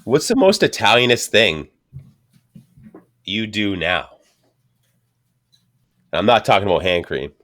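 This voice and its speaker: A man's voice: lowish voice, unhurried, long pauses. A man hosting a casual chat, swearing constantly and telling stories with animation. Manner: profane, animated storytelling.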